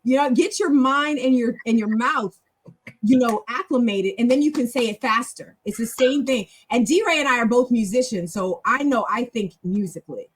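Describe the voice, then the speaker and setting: A woman with a husky, slightly breathy voice leads a relaxed practice session. She talks in a chatty, encouraging way, wandering off on tangents and circling back with restarts. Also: a little high, normal speed. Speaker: host leading a language practice session. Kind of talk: casual teaching talk.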